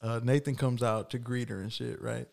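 A man's voice: mid-range voice, steady tone, normal speed, creaky, a little mellow. A man hosting a casual podcast, telling a long prank story with slang, swearing and frequent laughs. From Houston, Texas. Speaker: podcast host.

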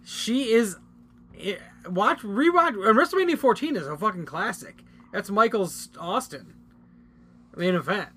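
A man co-hosting a podcast, talking in a loose, rambling and teasing way. His voice sits high and sounds bright and sharp. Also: lively intonation, unhurried, husky. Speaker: podcast co-host. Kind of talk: casual chat.

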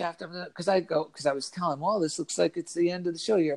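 A man telling an animated story in a casual chat, acting out the voices of kids and of himself. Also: high voice, fast, hardly any pauses. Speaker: author and guest.

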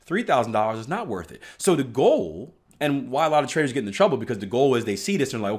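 A man's voice: mid-range voice, very animated, fast, hardly any pauses, breathy edge. Emphatic man coaching traders. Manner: emphatic, repeats "right?" often, bursts of loud stress. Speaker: trading coach. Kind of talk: motivational teaching talk.

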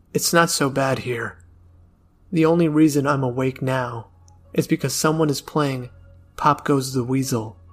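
A man giving dramatic, measured narration of a first-person horror story, grim and drawn out. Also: mid-range voice, a bit bright.

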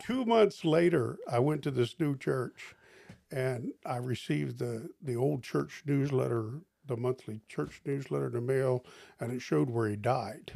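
An older man, a pastor, telling stories in an interview, lively and jumping high in pitch when he quotes people. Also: a little slow, gravelly, no room sound. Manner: animated storyteller, jumps high for quoted lines. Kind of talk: storytelling interview.

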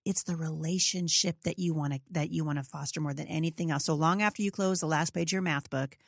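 A middle-aged woman with a fairly low voice, hosting a podcast. She talks in a chatty, earnest and encouraging way. The sound is dry and close to the mic. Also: fairly even intonation, fast, vocal fry, dry recording. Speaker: podcast host. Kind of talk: conversational podcast interview.

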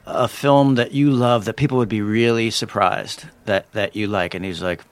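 A man's voice: fairly low pitch, fairly even intonation, moderate pace, clean tone, dry recording. A man co-hosting a podcast in loose, casual chat with many restarts. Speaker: podcast co-host.

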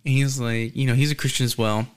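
A man's voice: mid-range voice, steady tone, quick pace, smooth. A man hosting a podcast, chatting casually and telling a story, acting out the lines of the people in it. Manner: storytelling, acts out quoted exchanges. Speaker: podcast host.

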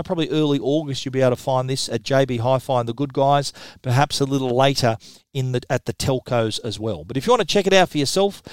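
A middle-aged Australian man with a mid-range voice presents tech news quickly and casually, chatting along and often restarting his phrases. There is no echo.

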